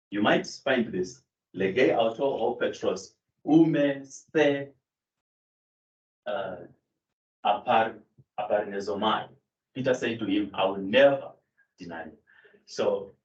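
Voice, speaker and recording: A man teaching a Greek grammar class, explaining step by step with fillers and self-corrections. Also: mid-range voice. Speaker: Greek lecturer. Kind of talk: classroom lecture. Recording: echoey room, distant mic, dull sound.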